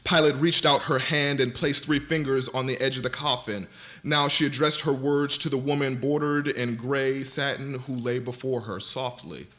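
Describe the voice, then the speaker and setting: Man giving an expressive literary reading. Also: medium pitch. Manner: dramatic, varied delivery that slows for vivid images. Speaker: panelist reading aloud. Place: university lecture event.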